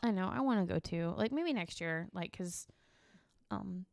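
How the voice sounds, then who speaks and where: A woman's voice: fairly low pitch, expressive, normal speed, vocal fry, a little mellow, dry recording, studio quality. A woman co-hosting a podcast, chatting casually with joking asides and little energy. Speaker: podcast co-host. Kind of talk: casual chat.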